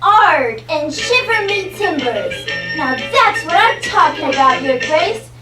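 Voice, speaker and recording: A teenage girl voicing a rough, swaggering young pirate princess in a puppet play, talking gruff and boastful. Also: very high voice, very animated, slow pace, over music, heavily acted. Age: teens. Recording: roomy hall from far off, noisy.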